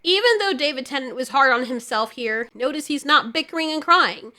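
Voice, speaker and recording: A woman's voice: sits high, expressive, a little fast, over music. A woman giving a casual, blunt and sarcastic reaction commentary, swearing freely as she picks apart what she watches. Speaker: video commentator.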